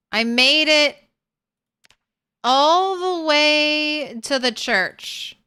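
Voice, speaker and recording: Woman streamer, unhurried, slightly high voice, greets chat casually. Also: clean tone. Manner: greets viewers by name and chats warmly about progress. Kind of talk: casual live-stream chat while gaming.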